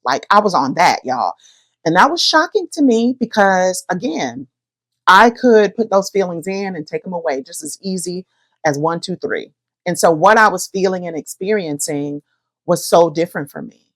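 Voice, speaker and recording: A middle-aged woman, hosting a podcast and chatting about her own life in a lively, animated way. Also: fairly low pitch, moderate pace, dry recording. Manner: lively, chatty, addresses listeners as y'all. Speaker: podcast host. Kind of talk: personal storytelling to listeners.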